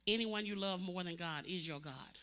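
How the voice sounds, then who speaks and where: A woman preacher delivering a sermon as dramatic storytelling, swinging from loud cries to hushed, intense tones. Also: lowish voice, moderate pace.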